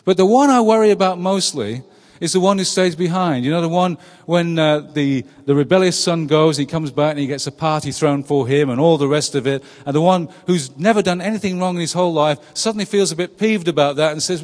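A man's voice: on the high side, a little fast, few pauses, in a large hall. A middle-aged man preaching a conversational sermon, often turning questions to his listeners. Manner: chatty, asks the congregation questions, laughs at his own jokes. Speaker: pastor. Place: church.

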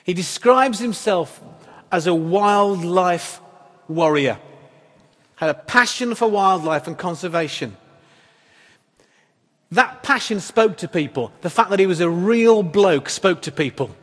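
A man's voice: high voice, animated, unhurried, pauses often. A man preaching a sermon as pastor, earnest and emphatic, with rhetorical questions. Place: church hall. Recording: long hall reverb.

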